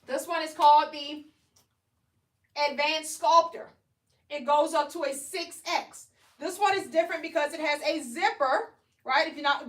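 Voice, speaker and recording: A woman's voice: high-pitched, fairly bright tone. A woman hosting a live product demonstration, talking in a chatty, coaxing way and checking in with her viewers. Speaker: host selling shapewear on a livestream. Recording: roomy echo, far from the mic.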